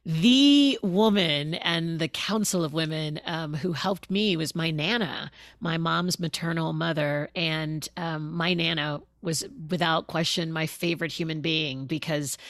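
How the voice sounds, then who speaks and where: A woman guest on an interview show talks openly and warmly expressive, laughing as she goes and acting out quotes. Her voice sits low. The sound is dry and close. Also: unhurried, hardly any pauses, no echo. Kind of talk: conversational interview.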